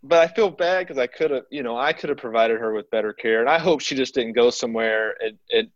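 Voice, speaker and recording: A man's voice: medium pitch, fast talker, no room sound, highs cut off. A man working as a dentist, talking hesitantly with many restarts in a casual chat.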